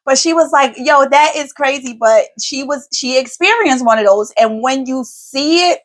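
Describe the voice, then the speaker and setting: A woman in her forties hosting a podcast, telling family stories in an animated, emphatic, colloquial way. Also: sits high, normal speed. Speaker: podcast host, mother. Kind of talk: casual conversational storytelling.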